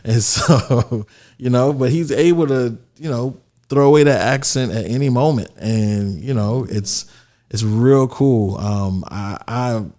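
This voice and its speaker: Easygoing guy from florida hosting a chat show, mid-pitched, lots of um and you know. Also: a little slow, warm tone. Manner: laid-back, many fillers and "you know". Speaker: host. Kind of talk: casual chat about TV shows.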